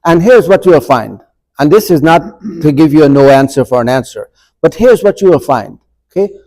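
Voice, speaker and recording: A man teaching an adult church forum, asking the group questions and reading scripture verses slowly. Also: fairly high pitch, lively intonation, a little mellow, low-quality recording. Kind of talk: Bible study lecture. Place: church meeting room.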